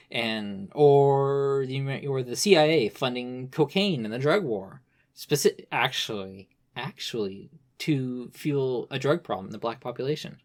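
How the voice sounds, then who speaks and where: A young man talking casually on a podcast, rambling with many restarts and "you know" fillers. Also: mid-range voice. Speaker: podcast guest expert.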